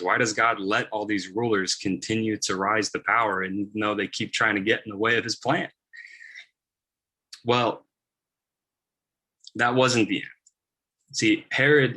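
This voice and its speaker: A man's voice: on the low side, bright, forceful tone. A man preaching a first-person narrative sermon in a casual storytelling manner with many fillers.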